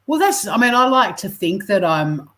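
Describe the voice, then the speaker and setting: A woman's voice: medium pitch, big pitch swings, normal speed, a bit bright. A woman co-hosting a podcast in casual chat, blunt and sweary, ranting with energy. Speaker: podcast co-host.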